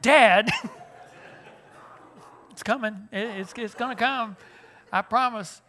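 A man's voice: high voice, steady tone, normal speed, sharp tone. An older man, giving a folksy, joking talk at a church conference, with frequent restarts. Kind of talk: humorous seminar talk.

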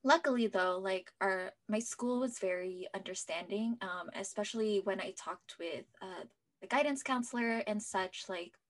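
Chatty young woman, soft-spoken asides. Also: mid-range voice, normal speed. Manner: chatty, full of "like" fillers and restarts; drops to a soft near-whisper at times. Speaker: interview guest. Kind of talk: casual personal storytelling.

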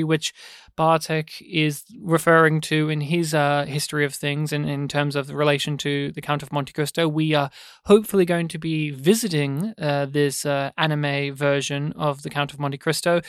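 Smooth-voiced rambling podcast host. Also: male voice, fairly high pitch, steady tone, normal speed, a bit bright, no echo, clean studio sound. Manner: rambling, hesitant, many fillers and restarts. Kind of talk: casual film discussion.

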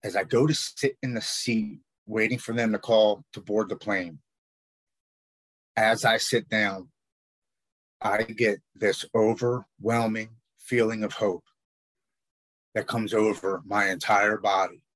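Halting low-voiced man telling his story. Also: fairly even intonation, fairly bright tone, dry recording. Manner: raw, halting, repeats words when emotional. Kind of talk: personal storytelling.

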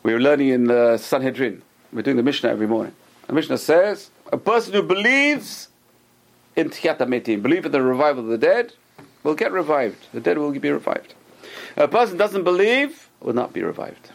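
A man's voice: on the high side, brisk, vocal fry. A man teaching a Torah class, telling stories and acting out the people in them, often repeating and restarting his phrases. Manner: animated storyteller, acts out quoted people.

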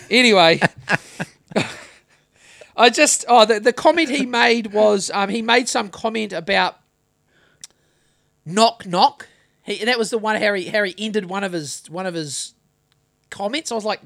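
A man's voice: high-pitched, expressive, unhurried, gravelly, long pauses, a bit bright. A man co-hosting a podcast, ranting bluntly and swearing constantly in casual chat. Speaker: podcast co-host.

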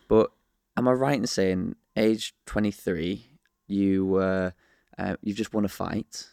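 A man hosting an interview, reading a scripted introduction and then prompting his guest in a measured, probing way. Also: sits low, steady tone, creaky, warm tone, clean tone, no echo, clean studio sound. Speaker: host.

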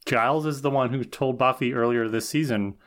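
A man's voice: mid-range voice, a little fast, fairly bright tone. A man co-hosting a podcast, talking through a TV episode thoughtfully, with frequent restarts and "right?" checks. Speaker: podcast co-host. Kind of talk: casual podcast discussion.

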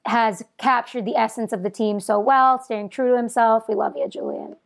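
Gushing, high-voiced woman co-host. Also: moderate pace. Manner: gushing, enthusiastic. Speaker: podcast co-host. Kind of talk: casual chat.

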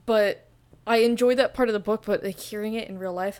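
A woman's voice: mid-range voice, fairly even intonation, brisk, darkish tone, clean tone. A young woman guest on a casual book podcast, rambling and blunt, with constant "like" fillers. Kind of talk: casual book review chat.

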